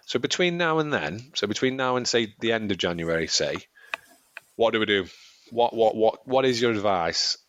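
A man's voice: lowish voice, lively intonation, moderate pace, a bit bright, lo-fi sound. A man co-hosting a casual running podcast, chatting in a rambling way and laughing often. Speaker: podcast co-host. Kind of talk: casual chat.

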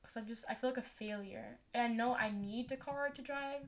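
A woman's voice: a little high, brisk. A teenage girl hosting a podcast, chatting casually with lots of fillers and giggles. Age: teens. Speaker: podcast host. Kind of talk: casual chat.

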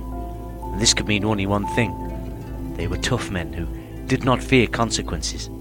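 Low-voiced man reading a crime novel. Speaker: audiobook reader. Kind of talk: scripted narration of a novel.

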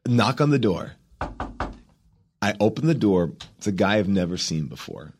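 A man with a fairly low voice tells a story on a podcast. He narrates animatedly and slips into quoted voices. His sentences come in fast bursts with restarts. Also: very animated, darkish tone, breathy edge. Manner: acts out quotes, rapid restarts. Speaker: guest.

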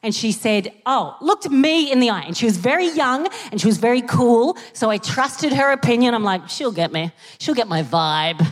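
A woman with an Australian accent performing a stand-up comedy set, telling stories with animated delivery and sudden shouted punchlines, recorded live on a theatre stage. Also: a little high, normal speed, few pauses. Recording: live theatre with long hall reverb.

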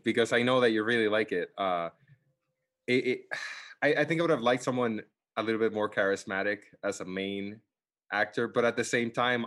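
Man, mid-pitched voice, halting, sighing, casual movie critique. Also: fairly bright tone. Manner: halting, many restarts, sighs, profane. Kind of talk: casual movie review chat.

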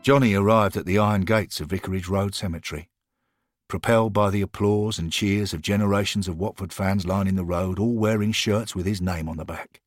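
A man narrating a scripted story in a calm, measured, earnest way. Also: sits low, no room sound, clean studio sound. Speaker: podcast storyteller.

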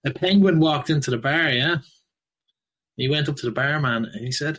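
A man's voice: fairly high pitch, normal speed, a bit bright, low-quality recording. A man telling jokes on a podcast, laughing at his own punchlines. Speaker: podcast co-host. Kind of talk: casual joke telling.

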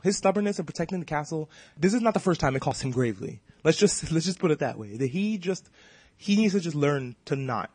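A man with a slightly husky voice races through a casual recap, swearing freely and jumping into quick imitations of the characters. His voice sits a little high for a man, and the recording is close and dry with no room sound. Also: dry recording. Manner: excitable, profane, acts out the characters' lines. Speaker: podcast host.

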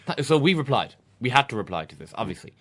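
An Irish man co-hosting a chat podcast. He reads listener mail aloud with dry amusement. His voice sits at an ordinary mid pitch. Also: big pitch swings, fast, a bit bright. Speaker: podcast co-host. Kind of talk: casual chat, reading out listener emails.

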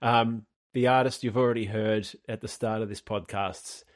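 A man's voice: on the low side, steady tone, normal speed, no room sound. Dry, teasing man. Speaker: podcast co-host. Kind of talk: casual chat.

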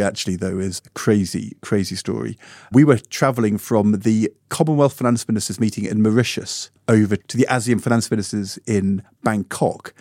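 A middle-aged man with a lowish voice co-hosts a talk podcast, spinning an anecdote with lively relish. The sound is dry and close, with no room around it. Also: no echo. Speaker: podcast co-host. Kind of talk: casual chat.

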